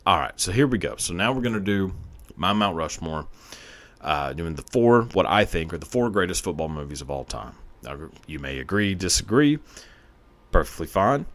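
A young man hosts his own podcast, talking solo in a loose, profane ramble. His voice sits low and deep. He jokes crudely and breaks into laughter often. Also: lively intonation, moderate pace, a bit bright. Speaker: podcast host. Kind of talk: casual solo podcast monologue.

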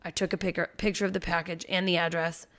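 A woman, a parent in her thirties, telling a story on a podcast in an animated, swearing, casual way. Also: fairly low pitch, fast talker. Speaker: podcast host.

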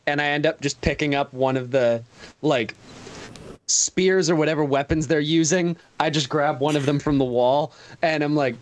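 A man's voice: fairly high pitch, normal speed. A man playing a tabletop game, describing his character's actions in a casual, laughing way. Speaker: player. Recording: faint background noise.

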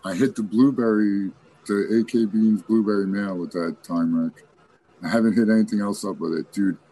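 A man with a husky voice in casual chat, enthusiastic and swearing freely. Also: fairly low pitch, steady tone, normal speed, warm tone, a little hiss or hum.

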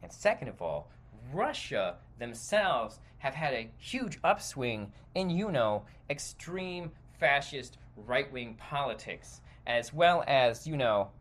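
A man's voice: mid-range voice, a bit bright. A man hosting a podcast, delivering a heated, profane opinion monologue that rambles and interrupts itself. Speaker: podcast host.

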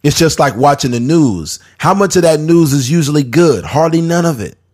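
A man's voice: fairly high pitch, animated, moderate pace, darkish tone, slightly rough. Joking, profane man hosting a podcast. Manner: loose, profane, joking and laughing often. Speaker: podcast host. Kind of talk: casual podcast chat.

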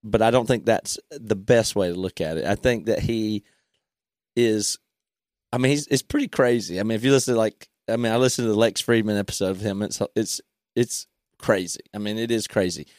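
A man's voice: on the low side, a little fast, darkish tone, dry recording, studio quality. A man co-hosting a casual podcast, rambling and hesitating through his opinions. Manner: rambling, hesitant, restarts mid-thought. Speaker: podcast co-host. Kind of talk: casual chat.

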